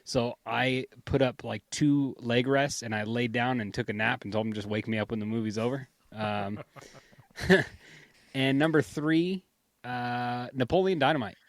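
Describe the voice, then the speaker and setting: A man co-hosting a casual podcast, middle-pitched and a little halting. He pauses and fills gaps as he talks. The recording is dry and close. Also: fairly even intonation, dry recording. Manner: hesitant, filler-heavy talk. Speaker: podcast co-host.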